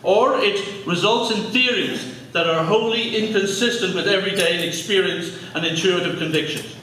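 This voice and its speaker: A man's voice: high-pitched, moderate pace, bright, forceful tone, slight background noise. A man with an Irish accent giving a public talk to a live audience, conversational with jokey asides. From Ireland. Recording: echoey hall, mic at a distance.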